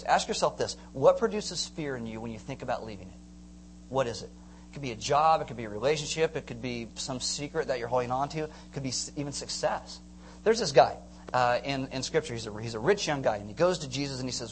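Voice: mid-range voice, a little fast, slight background noise, rough recording. A pastor giving a casual, conversational sermon, retelling stories with humor and acting out voices. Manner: animated storytelling, acts out voices with humor.

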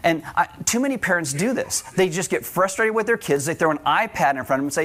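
A man's voice: fairly high pitch, lively intonation, brisk, hardly any pauses, fairly bright tone. A middle-aged man preaching a sermon to a congregation, conversational, with joking asides. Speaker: pastor.

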